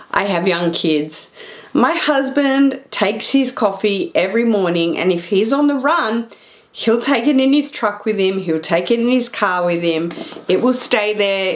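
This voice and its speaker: A woman in her thirties chatting casually to camera, showing off purchases with excited, drawn-out emphasis. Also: medium pitch. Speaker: fashion vlogger. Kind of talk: casual haul chat to camera.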